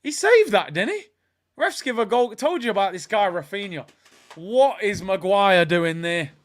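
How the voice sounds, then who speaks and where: A young man with a high-pitched voice hosts a live football watch-along, reacting to the match with excitable, slangy banter.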